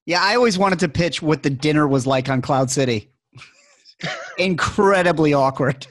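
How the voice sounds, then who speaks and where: A man co-hosting a casual chat, animated, laughing often and acting out quotes. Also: a little high, measured pace. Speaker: podcast co-host.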